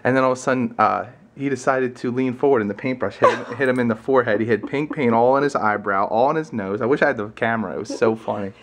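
A man's voice: mid-range voice, fast talker, hardly any pauses. A young man, a father, telling family stories casually in a vlog. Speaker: vlogging father.

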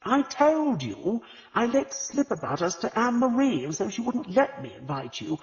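A man reading the lines of a pompous, self-satisfied gentleman, talking evasively. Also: very high voice, very animated, normal speed, voice pushed up. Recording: reverberant, slightly dull audiobook recording.

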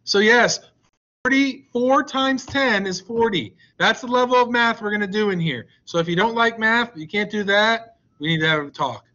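A man's voice: high voice, moderate pace, bright, forceful tone, muffled recording. A male science teacher leading an online class, joking with and coaxing his students. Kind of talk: online class with a slide deck.

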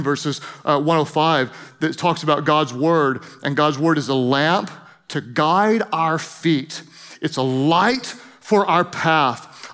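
A man's voice: high voice, a bit bright. A middle-aged man preaching a sermon as pastor, playful and emphatic, joking with the congregation in a church. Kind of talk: humorous energetic sermon. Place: church auditorium.

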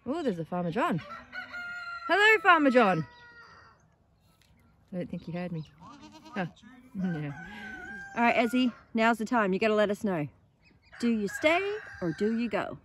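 A woman's voice: medium pitch, sing-song, measured pace, pauses often, a bit bright, a little hiss or hum. A woman keeping a farm sanctuary, chatting in a casual morning vlog outdoors and cooing at the animals in baby talk.

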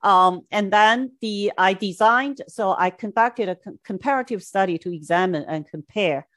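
A middle-aged woman from China giving an academic lecture in short, measured phrases, with occasional Mandarin asides. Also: medium pitch, fairly bright tone, no room sound. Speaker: education scholar giving a lecture. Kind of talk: academic talk with slides.

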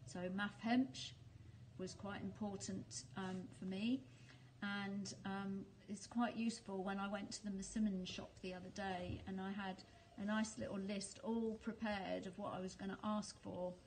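British woman vlogger, relaxed chatty delivery, frequent pauses and ums. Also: medium pitch, a little hiss or hum, low-quality recording. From United Kingdom. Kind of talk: casual spoken vlog.

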